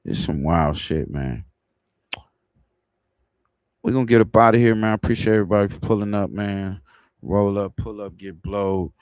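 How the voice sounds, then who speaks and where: A man with a fairly low voice hosts a livestream and rambles through casual commentary. He laughs at his own jokes now and then. The sound is dry and close, with no room around it. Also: moderate pace, long pauses, a little mellow, dry recording. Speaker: livestream host.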